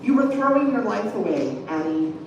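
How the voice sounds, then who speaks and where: A woman's voice: mid-range voice, very animated, normal speed, a little mellow, highs cut off, natural voice. A woman reading aloud voices an upset young man who insists and pleads in a raised voice. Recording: echoey room from far off, background noise.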